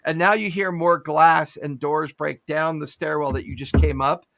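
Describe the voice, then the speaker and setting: A man's voice: on the high side, steady tone, normal speed, a bit bright. A man narrating a tabletop horror game as game master, adding his own gunfire and impact sounds.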